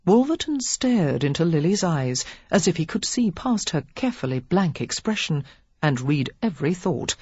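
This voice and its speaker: A woman reading a novel aloud as an audiobook narrator, telling it in an expressive, measured way. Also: fairly low pitch, husky, dry recording, lo-fi sound. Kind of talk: scripted narration.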